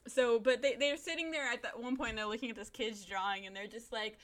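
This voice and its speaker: A woman's voice: a little high, moderate pace. A woman co-hosting a podcast in casual chat, swearing freely, laughing often and acting out scenes in big voices. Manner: profane, laughing, animated retellings. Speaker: podcast co-host.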